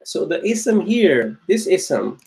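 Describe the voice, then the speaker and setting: A man's voice: high voice, big pitch swings, slow, gravelly, darkish tone. A man teaching an online grammar class, patiently repeating each point and checking that students follow. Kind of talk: online Arabic grammar lesson.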